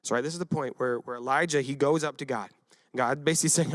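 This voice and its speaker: A young man giving a casual youth sermon, retelling a Bible story with lively acted quotes and frequent asides to his listeners. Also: medium pitch, fast talker, dry recording, clean studio sound. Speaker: youth pastor.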